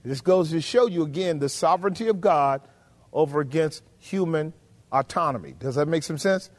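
A man preaching a sermon, emphatic and full of rhetorical questions to his congregation, drawing out key phrases slowly. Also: on the high side. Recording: long hall reverb.

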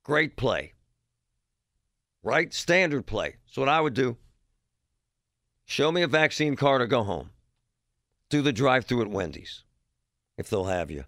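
A man's voice: mid-range voice, sing-song, unhurried, long pauses, fairly bright tone, no echo, studio quality. A man hosting a talk radio show, delivering a blunt, heated monologue. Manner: blunt, heated, emphatic ranting.

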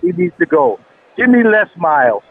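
A man's voice: high voice, sing-song, moderate pace. A man calling in to a sports radio show, ranting insistently and repeating himself in frustration. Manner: insistent, repetitive, exasperated. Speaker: caller. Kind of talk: frustrated call-in rant. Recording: tinny phone line.

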